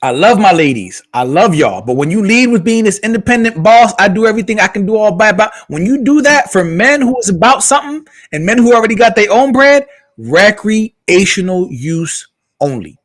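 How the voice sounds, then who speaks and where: Animated high-voiced man on a podcast. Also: fairly quick, few pauses. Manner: animated, emphatic, repeats words. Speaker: podcast co-host. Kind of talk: casual chat.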